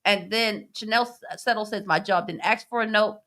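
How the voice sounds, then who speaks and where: A woman's voice: mid-range voice, steady tone, normal speed, fairly bright tone. A woman co-hosting a casual podcast, reading chat comments and laughing as she acts out quoted voices.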